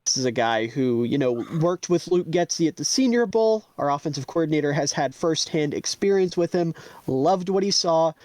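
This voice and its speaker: A slightly high-voiced man co-hosting a sports podcast, laying out a confident, detailed case with plenty of enthusiasm. He is recorded dry and close. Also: expressive, moderate pace, a little mellow, no room sound. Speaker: podcast co-host. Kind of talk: casual sports analysis.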